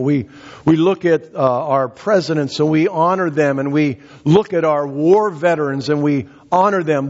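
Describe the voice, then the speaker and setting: A man's voice: high voice, darkish tone, husky. A male pastor giving a sermon and praying, talking earnestly with frequent restarts and fillers. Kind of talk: sermon with prayer. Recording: dull lo-fi church recording with long reverb.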